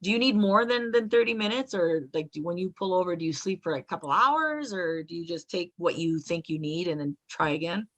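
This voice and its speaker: A woman's voice: fairly low pitch, fairly quick, few pauses, dry recording. Chatty woman truck driver telling stories. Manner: chatty, repeats and restarts, acts out both sides of her inner voice. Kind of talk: animated storytelling in a podcast chat.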